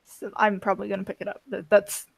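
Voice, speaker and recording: A woman co-hosting a gaming podcast, chatting in a frank, relaxed way. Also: mid-range voice, fast, vocal fry, breathy edge, no room sound. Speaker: podcast co-host. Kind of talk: casual chat.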